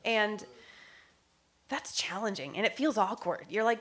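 A woman's voice: mid-range voice, lively intonation, a little slow, a bit bright. A woman talking earnestly about faith and prayer, thinking aloud, laughing often and sometimes dropping to a near whisper. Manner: thinks aloud with fillers and restarts. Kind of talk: reflective faith talk.

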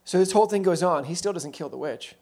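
A man preaching a sermon, telling the story conversationally with quick asides and self-corrections. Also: high voice, a little mellow.

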